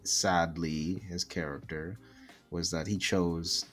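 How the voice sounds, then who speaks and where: Very deep voice, relaxed guy on an anime podcast, trails off quietly, faint music in back. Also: takes it slowly. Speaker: podcast co-host. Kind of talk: casual anime podcast chat.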